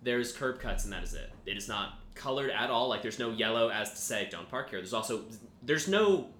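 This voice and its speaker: A young man co-hosting a casual podcast. He rambles and jokes, swearing freely, with a lively, bright voice. It sounds like an echoey room with a faint hiss. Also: medium pitch, moderate pace. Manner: rambling, joking, swears a lot. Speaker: podcast co-host. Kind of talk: casual chat.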